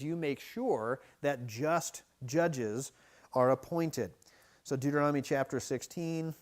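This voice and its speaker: A man preaching a midweek Bible study sermon, teaching in a conversational way that is often broken by restarts and quick "right?" checks. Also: medium pitch. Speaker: pastor. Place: church.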